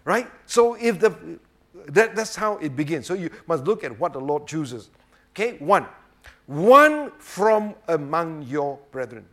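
A man's voice: a little high, lively intonation, moderate pace, a bit bright. A man preaching a sermon, emphatic and rhetorical, often checking with his listeners. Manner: emphatic, rhetorical, keeps asking "right?" and saying "obviously".

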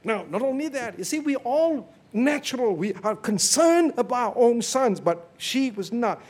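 Speaking in a very high voice at a moderate pace, this man delivers a sermon on a scripture passage. His storytelling is animated, punctuated often by "okay?" and "you see."

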